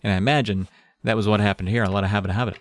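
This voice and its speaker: A man co-hosting a casual podcast, retelling a book's plot with animated, chatty storytelling and a few curses. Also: on the low side, rapid-fire, dry recording. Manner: animated storytelling, swearing, tangents. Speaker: podcast co-host. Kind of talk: casual book recap chat. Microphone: studio mic, livestream.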